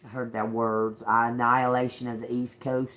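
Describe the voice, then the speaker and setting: A man's voice: medium pitch, level tone, normal speed, fairly bright tone. Chatty, cussing livestream tarot reader man. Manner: chatty, talks straight to viewers, laughs often; swears, snaps back at chat commenters. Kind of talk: casual livestream tarot reading.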